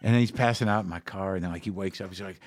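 A man's voice: low-pitched, racing, no echo. A middle-aged man telling a long, rambling story in casual chat, profane and full of fillers. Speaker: guest comedian.

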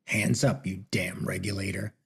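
A man reading an audiobook, voicing a gruff, rough frontier gunman. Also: low voice, flat delivery, moderate pace, fairly bright tone, full character voice. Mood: menacing.

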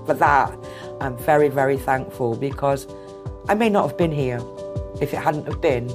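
A woman's voice: very deep voice, normal speed, over music. A woman giving a heartfelt, emotional testimony in an interview. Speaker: charity worker.

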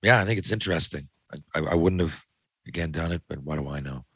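A man's voice: rumbling low, fast, fairly bright tone, slightly rough, no room sound. A man hosting a podcast in casual chat, rambling and sardonic, with frequent swearing. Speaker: podcast host.

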